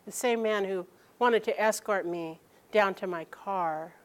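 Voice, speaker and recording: A woman of medium pitch tells a personal story out loud, halting and starting her sentences over while acting out the people she quotes.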